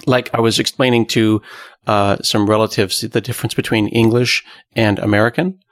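A man from the Pacific Northwest hosting a casual tech podcast, talking in an even, newsreader-like way. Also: fairly low pitch, moderate pace, dry recording, studio quality. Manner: plain newsreader-like delivery. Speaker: podcast host.

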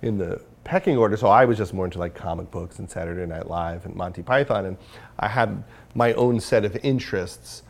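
Man, interview guest, gravelly, lowish voice, candid, rambling. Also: brisk. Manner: candid, rambling with many fillers and restarts. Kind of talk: casual interview conversation.

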